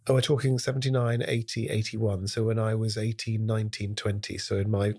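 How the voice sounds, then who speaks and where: A man in his sixties from Scotland, telling lively anecdotes as a guest in a conversational interview. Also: fairly low pitch. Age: 60s. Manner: animated anecdotes, drifting into quick bursts. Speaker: guest, impressionist. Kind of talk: relaxed storytelling interview chat.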